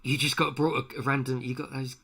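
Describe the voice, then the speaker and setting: A man's voice: medium pitch, little pitch movement, fairly quick, creaky, pushed and bright, husky. A man streaming live from home as he paints a model, talking casually and joking often with his viewers. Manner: chatty, jokey, laughs often. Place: home room at night. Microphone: headset.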